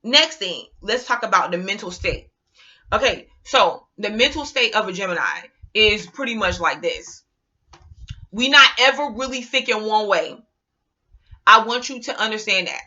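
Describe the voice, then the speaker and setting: A woman vlogger talking casually to her viewers in an animated, rambling, slangy way. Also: on the high side, a little slow, dull audio. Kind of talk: casual monologue to camera.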